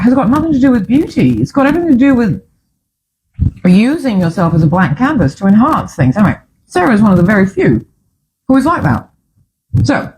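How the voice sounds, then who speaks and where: A woman's voice: mid-range voice, darkish tone, a little hiss or hum, low-quality recording. A woman hosting a casual talk show from a studio, chatty and opinionated, often drifting off on tangents. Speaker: show host.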